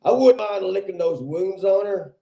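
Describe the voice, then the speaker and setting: A man doing a crude stand-up set on a club stage, loud and laughing at his own jokes. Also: sits high, lively intonation, moderate pace, vocal fry. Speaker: stand-up comedian. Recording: roomy club echo.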